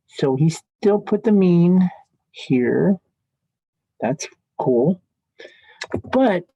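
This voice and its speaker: A man's voice: fairly high pitch, warm tone, low-quality recording. A man teaching statistics in a classroom lecture, chatty and joking as he thinks aloud at the board.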